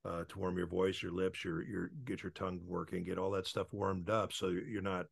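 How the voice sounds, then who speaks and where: A man, a voice actor, rambles through anecdotes in casual interview chat, with many filler pauses. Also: low voice, flat delivery, vocal fry, husky. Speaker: voice actor guest.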